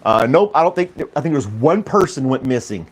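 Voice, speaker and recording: A man's voice: medium pitch, very animated, brisk, slightly rough. A man hosting a casual live-stream podcast from home, rambling easily and chuckling as he talks. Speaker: podcast host.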